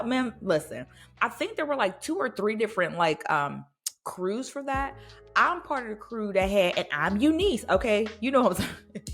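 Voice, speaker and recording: Give me a woman podcaster in her thirties, laughing easily, with a bouncy, expressive voice. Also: mid-range voice, moderate pace, soft background music. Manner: animated and laughing, slips into playful voices. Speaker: podcast host. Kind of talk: casual nostalgic podcast chat.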